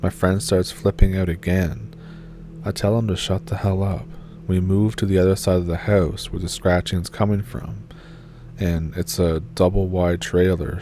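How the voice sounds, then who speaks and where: A man narrating a first-person horror encounter story in a steady, measured read. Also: low voice, a little hiss or hum.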